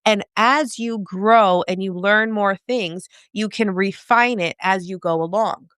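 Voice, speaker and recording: Woman business coach, casual and direct, smooth clear voice, dry close mic. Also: mid-range voice, measured pace, a bit bright, dry recording. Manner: casual, direct, asks many questions. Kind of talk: live video coaching talk.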